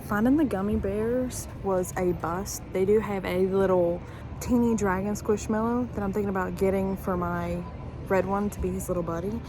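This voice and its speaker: Speaking at a moderate pace with fairly even intonation, a woman in her twenties opens up emotionally to the camera in a casual personal vlog. Her voice is mid-range, and she's in a store aisle indoors with faint background music.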